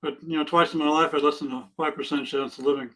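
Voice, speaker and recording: Earnest man in his sixties, higher voice. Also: steady tone, fast, a bit bright, poor audio. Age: 60s. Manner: earnest, plainspoken, speaks of faith. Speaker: podcast guest. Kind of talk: casual interview chat.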